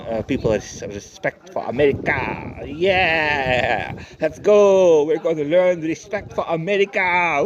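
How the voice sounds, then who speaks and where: A man's voice: mid-range voice, dark tone. A man ranting to his viewers in a rambling, profane, emphatic monologue that keeps circling back on itself. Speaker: online commentator. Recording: dull lo-fi with faint noise.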